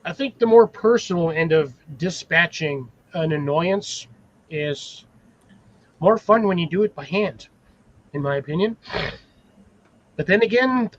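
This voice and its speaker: A man chatting casually on a live stream, rambling and animated, swearing freely. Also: sits high, dry recording. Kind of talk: casual chat. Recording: dull lo-fi mic.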